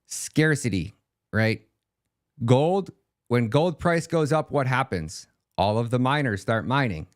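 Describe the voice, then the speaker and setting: A man talking through a podcast monologue in an easygoing, rambling way. He sits at a mid pitch and leans on fillers and asides, and he slips into quick quoted dialogue when he tells a story. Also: animated. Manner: chatty, loose, acts out quoted dialogue, many fillers. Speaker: podcast host. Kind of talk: casual monologue.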